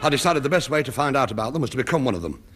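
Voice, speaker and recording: A man's voice: medium pitch, expressive, very fast, fairly bright tone, soft background music. A man narrating a comedy sketch in a dry, mock-serious way. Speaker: comic narrator. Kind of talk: deadpan comic narration.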